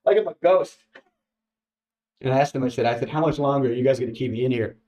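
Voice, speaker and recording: A man telling a personal story in a casual, halting way, repeating words and acting out what others said. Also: medium pitch, highs cut off. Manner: halting, repeats words, lively quoting voices. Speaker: former contestant telling his story.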